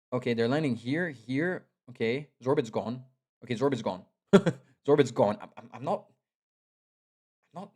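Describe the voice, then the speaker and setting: A young man giving live commentary on a strategy game match. He is excitable, repeats himself and talks straight to the players. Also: medium pitch. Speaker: esports caster.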